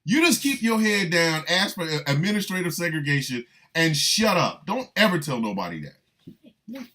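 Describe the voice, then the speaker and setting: An older man hosting a radio show, riffing in an animated, rambling comic monologue full of emphatic repetition. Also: fairly high pitch, normal speed.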